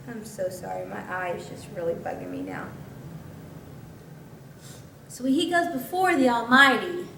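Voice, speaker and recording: A woman's voice: a little high, gravelly, a bit bright. A woman pastor teaching scripture in a conversational way, with chatty asides. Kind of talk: Bible teaching. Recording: echoey room, mic at a distance, faint noise.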